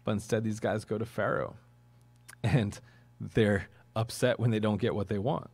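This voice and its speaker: A man's voice: on the low side, steady tone, moderate pace, darkish tone, breathy edge, dry recording. A man preaching a sermon in a conversational way, with chuckling asides and questions to the congregation. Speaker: pastor.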